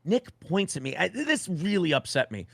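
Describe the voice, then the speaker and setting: A man's voice: sits high, normal speed, vocal fry, slightly rough, no echo. A man in his forties telling a story on a stream in blunt, profane language, acting out what others said. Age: 40s. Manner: blunt, profane, animated retelling with quoted voices. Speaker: guest.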